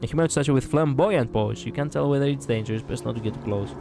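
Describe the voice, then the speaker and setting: Talking fast with vocal fry, this Greek-accented streamer has a mid-range voice. He reads the on-screen game text with playful flair, laughing and cracking jokes between lines.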